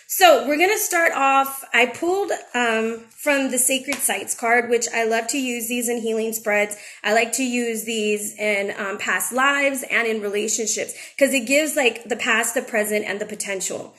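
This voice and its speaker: A young adult woman chatting casually and warmly-frank as she gives a spiritual tarot reading, a little emotional at times. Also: fairly high pitch, moderate pace. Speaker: tarot reader and channel host.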